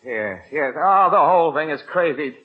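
A man's voice: fairly high pitch, lively intonation, moderate pace, lightly acted. An actor in an old radio sitcom playing a blustering family father who stammers when he gets worked up. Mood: agitated. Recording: tinny narrow-band old radio.

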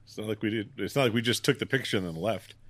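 A man's voice: medium pitch, a bit bright. A man co-hosting a podcast in casual chat, teasing his friends and chiming in. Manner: laughing, teasing, chimes in. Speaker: podcast co-host.

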